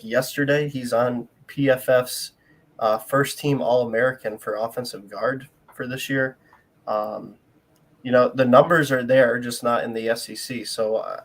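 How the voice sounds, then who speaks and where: A man co-hosting a casual live sports talk show, talking in a laid-back way and teasing his co-host. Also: mid-range voice. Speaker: podcast co-host.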